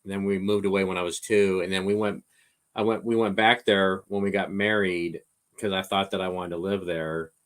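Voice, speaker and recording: A man's voice: deep voice, flat delivery, normal speed. A man co-hosting a home livestream with his wife, chatting casually and easygoing. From Arkansas. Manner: easygoing, short interjections. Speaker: co-host, the host's husband. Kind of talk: casual chat.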